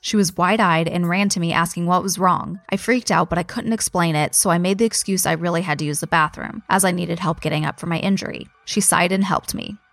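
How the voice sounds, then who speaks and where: A woman hosting a podcast, reading a listener's ghost story aloud in a casual, animated way, with swearing and laughing asides. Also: on the low side, brisk, few pauses, no echo. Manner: animated reader who breaks off to laugh and comment, swears casually.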